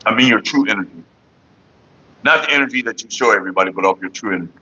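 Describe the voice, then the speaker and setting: A man's voice: lowish voice, racing, slightly rough, lo-fi sound. A man chatting casually and profanely on a morning livestream, rambling to his viewers and his partner. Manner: sings loudly and off-key at times. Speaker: vlogger.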